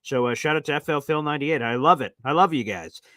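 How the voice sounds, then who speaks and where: A man hosting a live call-in talk show, chatty and animated, often acting out his callers. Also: on the high side, no echo, clean studio sound. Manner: animated, acts out callers in quick impressions. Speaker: host.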